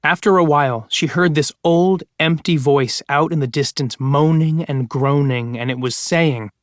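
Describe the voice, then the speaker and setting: A man's voice: on the high side, normal speed, no room sound, clean studio sound. A man narrating an audiobook of scary stories with dramatic storytelling. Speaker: audiobook reader.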